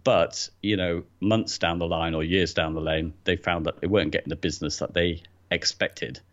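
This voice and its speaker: A man's voice: deep voice, fairly even intonation, moderate pace, highs cut off. A man co-hosting a podcast in casual chat, often repeating words as he starts a thought. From England. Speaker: podcast co-host.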